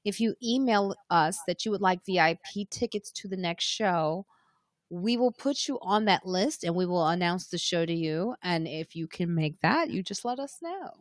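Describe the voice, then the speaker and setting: A woman's voice: lowish voice, expressive, moderate pace, no echo, studio quality. A woman hosting a casual live-stream chat, chatting loosely and reading out viewer comments as they come in. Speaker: podcast host.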